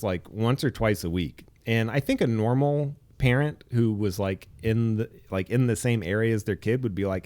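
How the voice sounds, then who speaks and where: A young man telling stories in casual chat, animated and swearing freely, his voice jumping high when he quotes himself. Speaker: podcast co-host.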